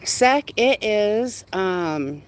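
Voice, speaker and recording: A woman chatting casually on a live stream from her yard at night, talking to viewers and cooing at her dog in a high sing-song voice on a phone mic. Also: animated, extremely slow.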